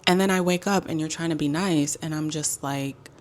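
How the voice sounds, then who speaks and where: Female travel vlogger with a low register, sassy and emphatic storyteller. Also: normal speed. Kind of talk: casual storytime vlog.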